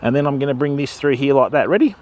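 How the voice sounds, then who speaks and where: An Australian man chats casually on a live fishing stream from a river bank at dusk, explaining step by step how to bait and rig for his viewers. His medium-pitched voice is animated and quick, with a darkish tone.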